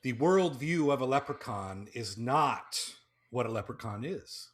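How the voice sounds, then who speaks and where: A man's voice: medium pitch, expressive, measured pace. A man hosting a podcast, telling a folk tale and then chatting loosely with fillers and jokes. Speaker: podcast host. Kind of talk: storytelling narration and casual chat.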